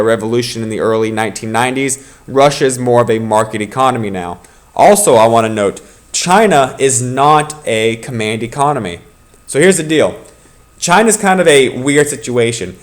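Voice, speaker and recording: A male teacher giving a recorded lecture video for his class, explaining patiently and repeating the key points for his students. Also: mid-range voice.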